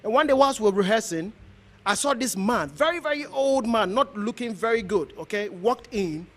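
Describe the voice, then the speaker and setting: A man's voice: high-pitched, expressive, normal speed, a bit bright. A man from Ghana, a pastor, giving an earnest, exhorting speech to a gathering, repeating himself as he goes. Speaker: pastor hosting an honoring event.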